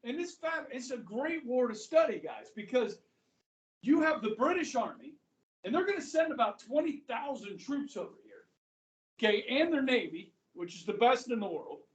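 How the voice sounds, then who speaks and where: A man's voice: very high voice, sing-song, moderate pace, recorded from a distance. A middle-aged male history teacher lecturing a class in a chatty way, often checking in with his students. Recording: echoey classroom, voice from afar.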